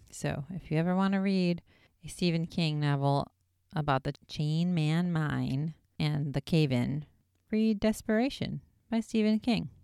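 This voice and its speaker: A woman's voice: deep voice, creaky, darkish tone, smooth, no room sound, clean studio sound. A woman casually recapping a TV episode in a chatty way, with lots of "like" and wry asides.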